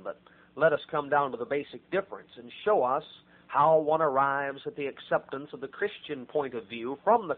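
An American man preaching a sermon, spelling out foreign words letter by letter and building to emphatic points. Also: on the high side. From United States. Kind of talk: radio sermon. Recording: tinny phone-like old recording.

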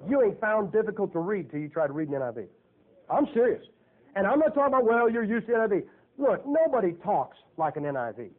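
High-voiced folksy male preacher, tinny. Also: very animated, fast. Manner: folksy, joking, emphatic preaching. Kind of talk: sermon. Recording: tinny phone-like lo-fi recording.

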